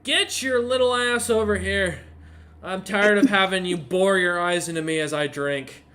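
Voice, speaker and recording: A man's voice: fairly high pitch, lively intonation, a little fast, voice pushed up. A man voicing a drunk, boastful old lord who slurs his words in a tabletop game. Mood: boisterous. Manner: loud, slurring, gruff.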